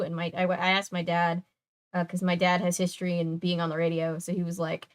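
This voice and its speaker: A woman's voice: fairly low pitch, little pitch movement, a little fast, a bit bright, smooth. Chatty young woman streamer, filler-heavy. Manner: chatty, many filler words, talks to chat. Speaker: live-stream host reading a book aloud. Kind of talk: casual live-stream chat.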